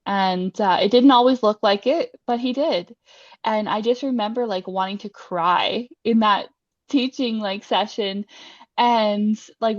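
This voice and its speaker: A woman's voice: on the high side, no room sound. A young adult woman sharing her faith testimony in a casual interview, chatty and heartfelt, with lots of fillers. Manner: emotional, heartfelt. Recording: dry, slightly dull sound.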